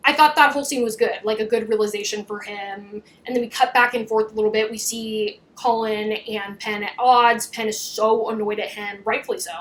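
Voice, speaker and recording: A young woman hosting a casual recap, animated and chatty, swearing and acting out scenes. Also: medium pitch, brisk, hardly any pauses, poor audio. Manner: animated, swears, acts out quotes. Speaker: YouTube recap host. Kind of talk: casual chat.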